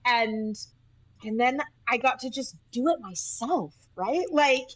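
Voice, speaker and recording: A woman from Utah, a nurse, telling animated stories as a podcast guest, often laughing and acting out what people said. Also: a little high, slow pace, husky, rough recording. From Utah, USA. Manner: animated, laughing, acts out quoted speech. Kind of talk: casual interview storytelling.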